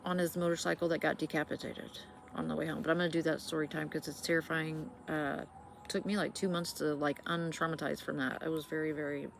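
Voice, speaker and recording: A middle-aged woman from Indiana with a somewhat low voice tells a spooky story straight to her viewers. She rambles casually, swears, and keeps checking in with them. A faint hum of background noise sits under her voice. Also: flat delivery, a little fast, creaky. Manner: chatty, swearing, many fillers and asides to viewers. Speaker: vlogger.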